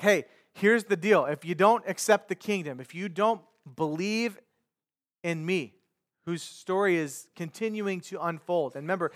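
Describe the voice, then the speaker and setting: Male pastor, higher voice, casual conversational sermon delivery. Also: a bit bright. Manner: conversational preaching with paraphrased quotes.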